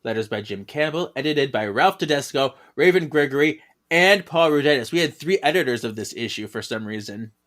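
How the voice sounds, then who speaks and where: A man's voice: mid-range voice, expressive, brisk, hardly any pauses, fairly bright tone. Chatty male podcast co-host. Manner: chatty, laughs often, trails off. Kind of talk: casual chat.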